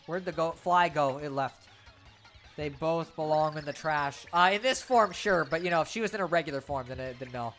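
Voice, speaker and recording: A woman's voice: deep voice, a bit bright, soft background music. A young adult woman streaming a video game, talking casually and swearing freely. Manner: profane, quick, chatty. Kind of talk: casual gameplay commentary.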